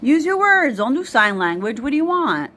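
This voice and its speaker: High, lively woman teasing her dog. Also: moderate pace. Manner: teasing, playful coaxing. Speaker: dog owner. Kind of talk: casual talk to a pet.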